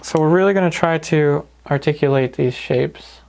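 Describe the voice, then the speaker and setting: A man calmly talking through each step of a painting lesson in an easygoing way. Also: fairly high pitch, normal speed, vocal fry, slight background noise. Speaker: painting instructor. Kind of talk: paint-along tutorial narration.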